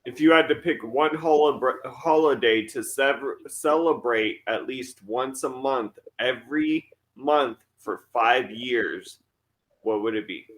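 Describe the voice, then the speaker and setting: A man's voice: mid-range voice, slow pace, fairly bright tone, low-quality recording. A man who is a father, hosting a podcast in crude, joking casual chat. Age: adult father. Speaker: podcast host.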